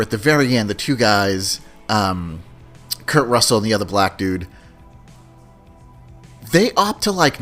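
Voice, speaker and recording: A man's voice: on the low side, a bit bright. A man hosting a podcast in a casual, rambling monologue, chatty and loose, often tossing in "man" and "you know". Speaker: podcast host.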